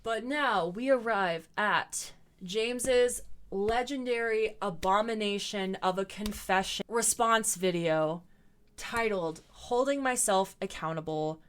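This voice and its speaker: A young woman talks straight to her camera at home in a loose commentary monologue. She keeps slipping in dry, sarcastic asides. Her voice sounds a touch worn out, sitting at an ordinary middle pitch. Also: slow, fairly bright tone, clean tone. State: voice getting tired. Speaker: commentary YouTuber.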